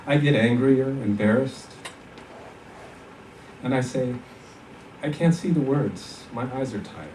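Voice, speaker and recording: A man reading fiction aloud, voicing a rough, self-mocking young soldier with a blunt, terse manner. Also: medium pitch, expressive, slow, pauses often, a little mellow, slight background noise, pitched above the performer's own voice. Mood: bitter. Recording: echoey hall from far off.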